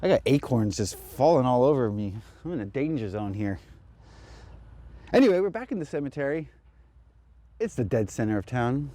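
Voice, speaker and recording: Lively, mellow-voiced man hosting a spiritual talk. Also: mid-range voice. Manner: chatty, laughs at his own jokes. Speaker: spiritual channel host. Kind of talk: casual spiritual talk to camera. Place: outdoors in a cemetery.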